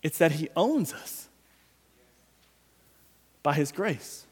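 Male pastor, high voice, preaching style, dynamic swings, long hall reverb. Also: lively intonation, very slow, husky. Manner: preaches with swings from quiet to loud emphasis, addresses the congregation directly. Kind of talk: sermon. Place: church sanctuary.

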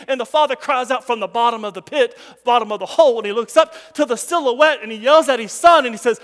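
A man preaching as a pastor on a Sunday morning, telling a story with animation and swinging from loud calls to hushed asides. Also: extremely high pitch, fast, few pauses. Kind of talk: sermon. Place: church sanctuary. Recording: long hall reverb.

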